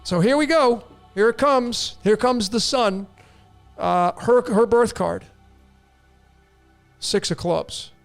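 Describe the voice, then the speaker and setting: A man hosting a show, answering listener questions in a rambling, animated casual monologue. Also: sits high, slow pace, gravelly, long pauses, faint music behind. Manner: rambling, animated, with restarts and laughs. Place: in Mexico.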